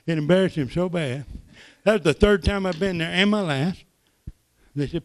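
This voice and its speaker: An older man preaching, telling folksy stories that swing from soft asides to loud exclamations. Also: high voice, moderate pace. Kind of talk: sermon testimony.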